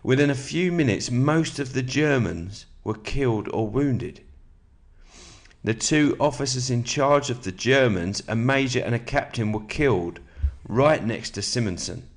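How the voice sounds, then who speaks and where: A man with a slightly sore throat, hosting a podcast in a relaxed, matey way and reading aloud from a book at an even, measured pace. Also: mid-range voice. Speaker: podcast host.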